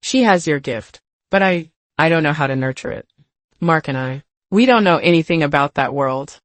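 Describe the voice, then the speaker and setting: A woman voicing an exhausted, remorseful grown daughter in a spoken story, halting and hesitant. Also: low voice, animated, no room sound. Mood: pleading.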